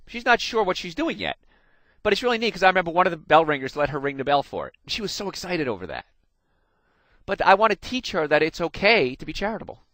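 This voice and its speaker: A man's voice: high-pitched, no room sound. A middle-aged man from New Jersey with a slight New Jersey accent, hosting a radio health show in a folksy, storytelling way and talking straight to his listeners. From New Jersey, USA. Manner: folksy storytelling, animated, addresses listeners directly. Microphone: studio microphone.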